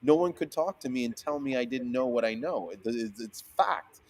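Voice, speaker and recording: Animated man retelling a heated quarrel. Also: moderate pace. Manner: swears freely, acts out quoted voices with sharp pitch jumps; fillers and frequent restarts. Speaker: seamoss seller, guest. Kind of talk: animated storytelling in a casual interview.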